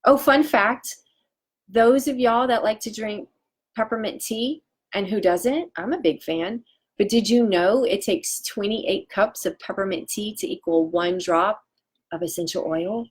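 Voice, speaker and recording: A woman in her forties selling essential oils on a live stream, talking in a chatty, excitable way with lots of fillers and restarts. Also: medium pitch, unhurried, slightly rough. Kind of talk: casual live-stream chat.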